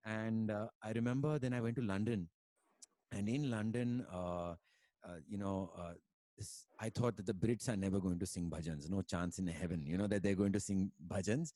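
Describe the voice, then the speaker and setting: A man's voice: on the low side, normal speed, dark tone, no room sound. Man telling stories, dry sound. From India. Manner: rambling, many fillers, mixes in Hindi words. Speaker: musician guest. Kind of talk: casual conversation and storytelling.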